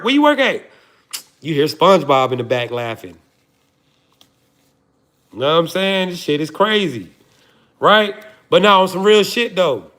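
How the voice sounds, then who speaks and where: A man's voice: mid-range voice, fairly bright tone. A man, hosting a livestream and joking profanely to his chat before preaching his point. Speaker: livestream host. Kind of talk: casual livestream talk to chat.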